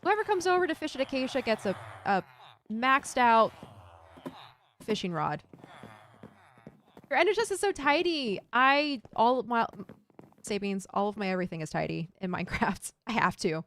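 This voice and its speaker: A young adult woman streamer chatting casually with viewers while playing a game, animated and giggly. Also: a little high, normal speed, pauses often. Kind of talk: casual gameplay chat with viewers.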